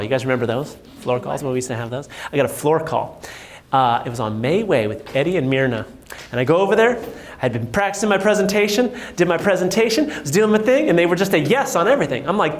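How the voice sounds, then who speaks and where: A man coaching real estate agents, telling stories with animated quoted voices. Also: sits high, fast talker, reverberant. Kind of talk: motivational talk to agents.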